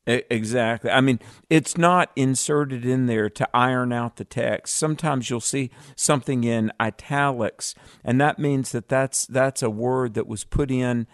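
A man's voice: mid-range voice, unhurried, few pauses, no echo, clean studio sound. Earnest preaching male radio co-host. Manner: earnest, preacherly appeals to listeners. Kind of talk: Bible discussion on radio.

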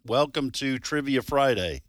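A man's voice: mid-range voice, animated, a little slow, no echo, studio quality. A man from New England co-hosting a radio call-in show, joking in a wry way. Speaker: radio co-host. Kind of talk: casual radio chat.

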